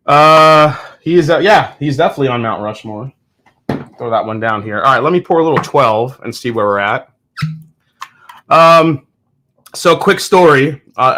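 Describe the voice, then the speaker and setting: A man's voice: medium pitch, pushed and bright. Chatty man rambling casually. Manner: rambling, chatty storytelling with frequent restarts and laughs. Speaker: host. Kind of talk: casual chat.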